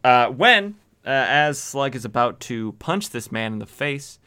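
A man's voice: mid-range voice, normal speed, bright, forceful tone, clear, resonant tone. A male podcast host casually recaps an old comic, rambling and tossing in wry jokes. He hesitates often with fillers and restarts, in an everyday mid-range voice. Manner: rambling, joking asides, frequent fillers.

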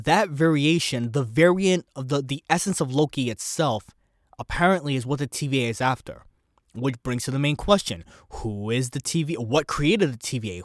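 A man hosting his own solo podcast, rambling and animated as he thinks aloud about a show. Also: medium pitch, no echo, studio quality. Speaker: podcast host. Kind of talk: casual solo podcast commentary.

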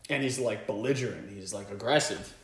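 Animated young man telling a story. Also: on the low side, brisk, roomy sound, a little hiss or hum. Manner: animated storyteller, loud impressions. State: hoarse from a lost voice. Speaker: podcast co-host. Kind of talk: casual comedy podcast chat.

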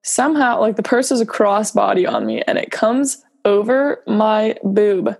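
A young woman with a slightly husky voice tells a story on a podcast. She chats loosely, giggles often and fills her talk with "like" and "you know". She acts out quotes along the way. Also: mid-range voice, sing-song, a little slow. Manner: chatty, giggly, full of fillers and acted-out quotes. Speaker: podcast co-host. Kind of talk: casual storytelling chat.

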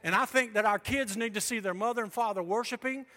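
A man preaching a sermon as pastor, swinging between loud, emphatic declarations and hushed asides. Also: high-pitched, fast talker. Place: church sanctuary. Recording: long reverb of a large church hall.

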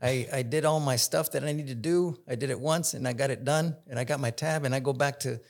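A man's voice: mid-range voice, a little fast. A man chatting as a podcast guest, telling self-deprecating army anecdotes. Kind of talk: casual storytelling.

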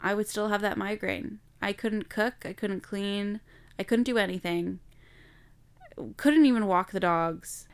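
A young woman speaks slowly and candidly, reflecting on a painful personal time for her podcast listeners. Her voice is smooth and resonant, with a gravelly fry at the ends of phrases. She is unhurried and earnest. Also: mid-range voice. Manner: candid, reflective, slow and emotional. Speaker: podcast host. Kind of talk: personal storytelling monologue.

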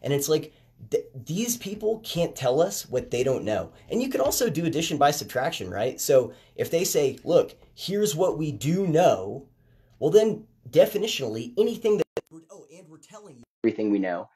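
A man hosting a casual commentary podcast, talking conversationally and getting animated when he makes a point. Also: a little high, normal speed. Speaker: podcast host. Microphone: headphones with phone recording.

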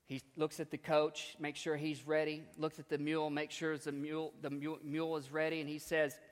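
Fairly high-pitched and monotone, this man speaks a little fast as he delivers a storytelling sermon, conversational yet emphatic, with key lines repeated. Long reverb from the hall hangs on his words.

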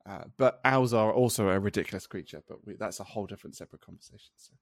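With a fairly low voice and a fast delivery, a man co-hosts a podcast, chatting casually and laughing often. The sound is clean studio audio with no room sound.

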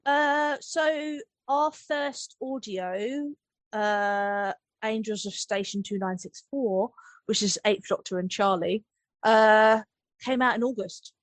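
A woman's voice: mid-range voice, slow pace, no echo. A woman rambles happily through a casual podcast chat. She piles up ums and likes and laughs often. The sound is close and dry, with no room around it. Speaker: guest, audio drama producer and writer.

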